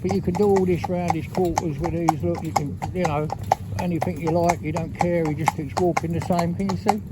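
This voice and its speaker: A man, a horse trainer explaining as he works outdoors on a road and coaxing his horse with soft endearments. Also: on the high side, steady tone, a little fast. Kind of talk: casual explaining while driving a horse. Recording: loud outdoor noise with hoofbeats.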